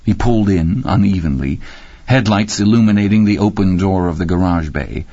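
A man reading an audiobook in a wry, expressive storytelling manner. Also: deep voice, moderate pace, no room sound. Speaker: audiobook narrator. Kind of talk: scripted narration. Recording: dry, slightly muffled recording.

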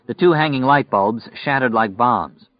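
A man reading a novel aloud in steady, measured scripted narration. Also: medium pitch, no room sound. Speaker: audiobook narrator. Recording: dry, muffled recording.

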